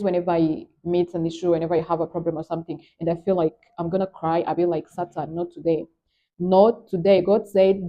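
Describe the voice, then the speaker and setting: A woman's voice: medium pitch, lo-fi sound. A young Nigerian woman with a Nigerian accent, talking earnestly and emphatically in a personal vlog. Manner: earnest, emphatic, repeats "trust me". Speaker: vlogger. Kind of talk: candid personal vlog talk.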